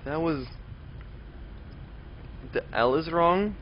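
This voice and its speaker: A young man with a fairly high voice speaks very slowly while streaming a game, chatting with his audience, reading and answering chat, and grumbling in exasperation at enemies. The recording is dull lo-fi stream audio with faint game music.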